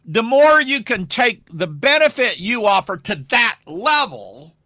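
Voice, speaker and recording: A middle-aged man with a high, very bright voice tells a marketing story in a loose, chatty way. He circles back, repeats himself and trails off as he remembers. The sound is dry and close, with no room around it. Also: very animated, measured pace, no room sound. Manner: rambling, repeats words, plays the other voices in quotes. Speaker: marketing teacher. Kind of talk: casual storytelling lesson.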